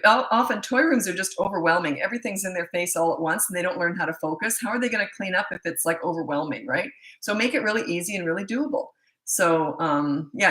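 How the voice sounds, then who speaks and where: Woman, parenting coach, blunt and chatty, lowish pitch, bright tone, echoey room. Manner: blunt, chatty, self-interrupting. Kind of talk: casual live Q&A.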